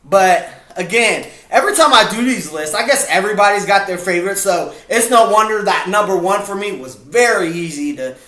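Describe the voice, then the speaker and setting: A man's voice: sits high, a little fast, few pauses, sharp tone. A man hosting his own video in casual chat, playful and rambling, often breaking off to restart. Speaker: video host. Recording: echoey room.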